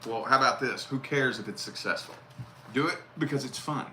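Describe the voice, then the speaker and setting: A man's voice: mid-range voice, fairly quick, pushed and bright. A man giving casual live tarot readings, blunt and profane, repeating his key phrases. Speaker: tarot reader. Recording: roomy echo with faint noise.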